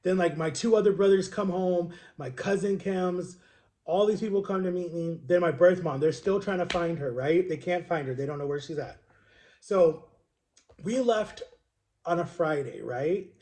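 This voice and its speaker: A man's voice: sits high, normal speed, warm tone. A young man in his twenties casually telling a personal story to his viewers in a chatty, rambling way, full of "like" and "right?". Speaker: vlogger.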